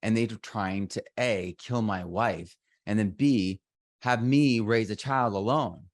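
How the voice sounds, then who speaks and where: Low-voiced rambling man telling a story. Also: a little slow, no echo, studio quality. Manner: rambling, self-interrupting storyteller. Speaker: podcast guest. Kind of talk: casual interview conversation.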